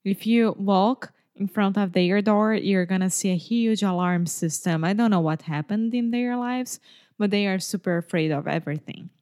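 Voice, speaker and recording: A woman's voice: medium pitch, moderate pace. A woman, co-hosting a podcast in casual chat and telling stories with lots of laughter. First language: Portuguese. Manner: giggly, animated storyteller. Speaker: podcast co-host.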